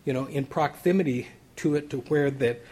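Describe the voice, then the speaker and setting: Husky-voiced man teaching from scripture. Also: medium pitch, moderate pace, darkish tone. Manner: reads scripture aloud, then comments conversationally. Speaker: preacher. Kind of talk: Bible teaching sermon.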